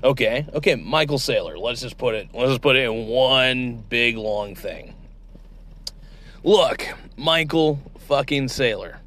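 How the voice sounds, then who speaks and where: A man's voice: mid-range voice, expressive, measured pace, a bit bright. A man hosting a comedy sketch interview, playing a mock-outraged, exasperated interviewer. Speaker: show host.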